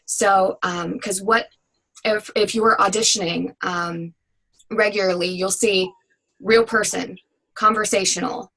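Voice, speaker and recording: A woman who produces voiceover demos, answering questions in a casual webinar with energetic, chatty talk full of fillers. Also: medium pitch, measured pace, vocal fry, low-quality recording.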